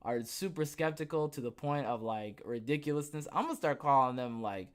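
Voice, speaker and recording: A man's voice: mid-range voice, a little fast, smooth. A young adult man hosting a podcast, reading news aloud and breaking off into sarcastic asides, with many fillers and restarts. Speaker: podcast host.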